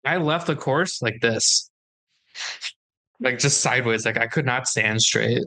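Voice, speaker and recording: Bright-voiced man telling a story. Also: medium pitch, a little slow. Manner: animated storyteller acting out quoted dialogue. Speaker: podcast co-host. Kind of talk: casual chat.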